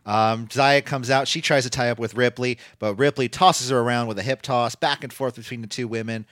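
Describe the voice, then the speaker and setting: A man's voice: medium pitch, steady tone, a little fast, fairly bright tone, no echo, studio quality. A man casually recapping wrestling matches as a podcast host, talking in loose play-by-play full of fillers and restarts. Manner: rambling, filler-heavy play-by-play with frequent restarts. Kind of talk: casual chat.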